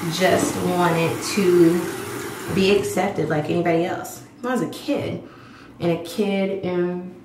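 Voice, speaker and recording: A woman in her thirties telling a personal story to camera in a candid, emphatic way. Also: fairly low pitch. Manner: candid, emphatic, acts out quoted voices. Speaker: vlog host. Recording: echoey room with clear background noise.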